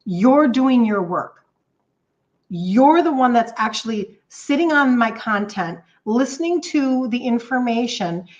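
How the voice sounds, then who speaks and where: A woman in her fifties, a health coach chatting warmly and excitedly with viewers on a live stream, reading out their comments. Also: fairly high pitch, slow pace. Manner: bubbly, gushing, reads out viewer comments. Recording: slightly dull lo-fi stream audio.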